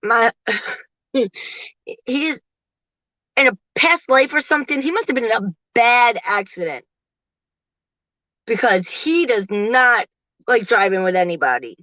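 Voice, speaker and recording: Chatty woman in her forties, bright voice. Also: on the high side, measured pace, pauses often, dry recording, low-quality recording. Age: 40s. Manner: chatty, laughs often, animated when quoting. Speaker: livestream host. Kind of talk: casual chat to viewers. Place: parked car in her driveway.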